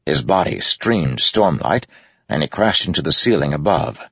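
A man reading a fantasy novel aloud in a measured, grave narration. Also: rumbling low, very animated, a bit bright, husky, no echo. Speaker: audiobook narrator. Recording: dull lo-fi audiobook recording.

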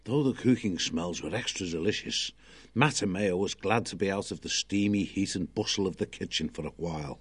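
A man narrating an audiobook in a measured storytelling manner. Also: low-pitched, breathy edge.

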